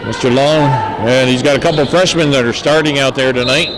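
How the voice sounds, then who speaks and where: A man doing folksy, joking play-by-play of a local high school basketball game. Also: steady tone, brisk. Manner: folksy, jokey, stumbles over player names. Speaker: play-by-play announcer. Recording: noisy gym broadcast audio. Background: gym ambience and bouncing basketballs.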